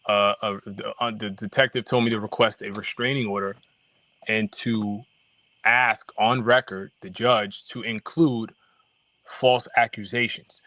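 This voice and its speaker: A man guest on a podcast, telling his story haltingly with many fillers and restarts. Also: lowish voice, fairly even intonation, bright, forceful tone, dry recording. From New York. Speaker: documentary filmmaker guest. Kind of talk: casual podcast interview.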